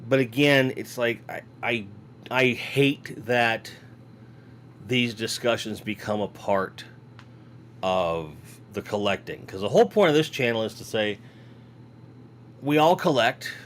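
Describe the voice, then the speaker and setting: A man with a mid-range voice hosts a live toy-collecting stream from a home room lined with toy shelves, yawning as he rambles casually and reads viewer comments aloud. His intonation is lively and a little bright, his pace a bit slow with frequent pauses, and there's slight background noise.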